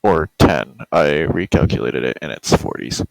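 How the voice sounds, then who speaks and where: A man playing a tabletop game, speaking in a halting way and checking the rules. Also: rumbling low, expressive, creaky, rough recording. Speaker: player.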